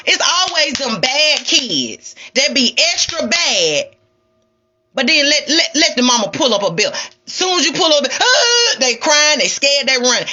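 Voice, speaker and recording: Woman, spiritual streamer, sassy and preachy, lively swooping delivery. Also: sits high, dull audio. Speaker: spiritual livestreamer. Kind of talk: ranting livestream monologue.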